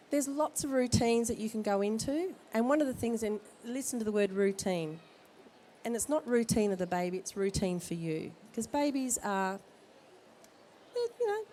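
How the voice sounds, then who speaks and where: A woman's voice: fairly high pitch, mellow, slight background noise. Chatty woman with a cold. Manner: chatty, jokey, direct advice. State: has a cold. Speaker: midwife speaker at a baby expo. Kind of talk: informal talk to expectant parents. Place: expo hall.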